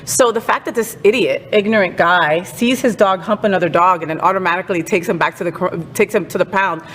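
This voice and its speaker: A woman's voice: lowish voice, brisk, fairly bright tone, in a large hall, slight background noise. A woman hosting a casual entertainment news chat, sassy and outspoken. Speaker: host.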